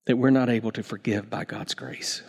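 This man is a pastor delivering a sermon, acting out characters in his stories as his pitch and loudness swing widely. His tone is steady and husky at a normal speed, and he stumbles into frequent restarts.

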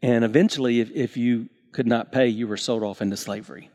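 A male pastor preaching a sermon, telling stories and acting out the characters with big swings in pitch and volume, often restarting his words. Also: steady tone, fairly quick, mellow. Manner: stammering restarts.

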